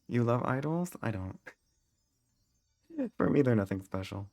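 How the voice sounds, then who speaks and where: A man streaming a game live, talking back to his chat in a sassy, theatrical way, his voice leaping high when he exclaims. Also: animated, a little slow, darkish tone, faint music behind.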